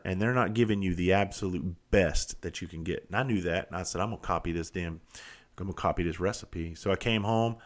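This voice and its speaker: A man in his forties with a Southern US accent, telling a rambling, profane story in a casual monologue. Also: deep voice. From Southern United States. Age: 40s. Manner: profane, animated, rambling and self-interrupting. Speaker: vlogger.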